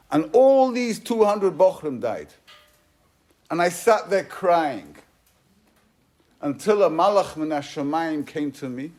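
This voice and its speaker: A man giving a Torah class as a rabbi, telling a story in an emphatic way and mixing Hebrew and Yiddish terms into his English. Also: a little high. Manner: emphatic, swings between loud and soft. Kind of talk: sermon.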